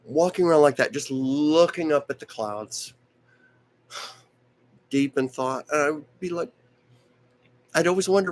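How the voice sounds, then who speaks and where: A man's voice: on the high side, unhurried, pauses often. A man hosting a live stream, telling a rambling story with many asides, his voice strained and fading in and out. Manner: rambling, anecdotal, with frequent asides and restarts. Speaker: host.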